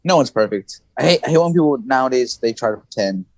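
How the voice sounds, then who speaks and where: A man's voice: medium pitch, fast, dry recording. A man spinning casual stories as a podcast guest, his voice leaping up and down as he gets into it. He laughs and swears freely between lines. He is recorded close and dry, with no room sound behind him. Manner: animated, swings his voice up and down, laughs and swears often. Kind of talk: casual storytelling chat.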